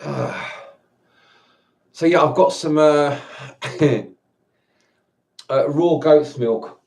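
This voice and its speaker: A man's voice: a little high, extremely slow, vocal fry, a little mellow. Rambling man, distant from the mic. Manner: rambling, hesitant, chuckling often. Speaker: vlogger. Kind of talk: casual solo live-stream chat. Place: indoors at home.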